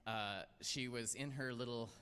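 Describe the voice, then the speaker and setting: An American storytelling show host speaks in a smooth, medium-pitched, slightly bright voice, keeping an unhurried pace and a steady tone. At the live event he rambles through a personal story, self-deprecating and full of fillers, in a hall with long reverb.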